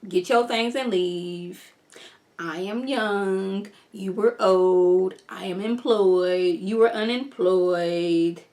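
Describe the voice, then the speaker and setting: A woman voicing a smug young female press secretary, speaking in slow, clipped, emphatic declarations. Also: medium pitch, darkish tone, natural voice. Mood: gloating.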